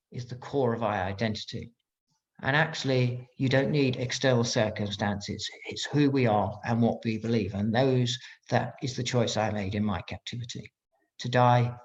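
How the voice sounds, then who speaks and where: A British man in his fifties, a former pilot giving a motivational talk online, emphatic and telling his story with acted-out quotes. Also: medium pitch. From Britain. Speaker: guest speaker, former pilot. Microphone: video call. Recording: dull lo-fi video-call audio.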